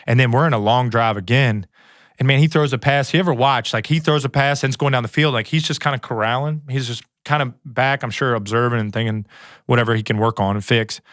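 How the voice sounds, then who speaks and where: A man's voice: medium pitch, fast talker, no room sound, clean studio sound. A man in his thirties, a guest on a podcast, telling stories in a casual way and acting out what others said. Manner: animated, quotes others in lively asides. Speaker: guest, former pro football player. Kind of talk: casual storytelling.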